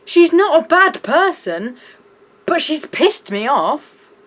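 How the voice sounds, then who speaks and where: Rant vlog: young British woman, raised and exasperated, a bit high, slow delivery. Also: very animated, low-quality recording. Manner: shouty, exasperated, breaks into laughs. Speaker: vlogger. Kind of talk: ranting vlog.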